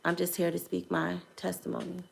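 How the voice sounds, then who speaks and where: A woman's voice: fairly low pitch, monotone, fairly quick, vocal fry, breathy edge. A young woman vlogger telling a personal testimony to camera in an earnest, hesitant way, choosing her words carefully.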